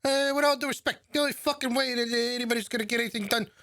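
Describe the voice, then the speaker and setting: A man's voice: very high voice, steady tone, racing, vocal fry, pushed and bright, dry recording, studio quality, pitched above the performer's own voice, heavily acted. A man doing an impression of a brash, cocky male businessman in a put-on New York accent. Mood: pushy.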